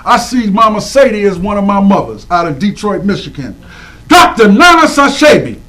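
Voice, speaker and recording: A man calls out names in animated, preacherly shout-outs. He stretches each name and keeps throwing questions back to the crowd. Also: high-pitched, low-quality recording. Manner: preacherly call-and-response, animated, drawn-out names. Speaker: speaker honoring community women. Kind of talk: lively shout-outs to audience.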